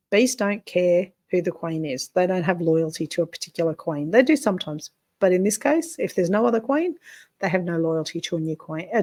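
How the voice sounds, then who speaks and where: A woman beekeeper talks through spring hive work in a chatty, frank way, with some casual swearing. Her voice is low and gravelly. The sound is close and dry. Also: darkish tone, no echo. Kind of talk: casual how-to vlog.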